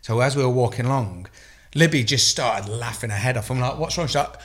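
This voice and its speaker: An English man in his thirties, co-hosting a podcast and telling an animated, profane story in casual chat. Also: medium pitch, fairly quick. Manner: swears a lot, animated storytelling. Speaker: podcast co-host.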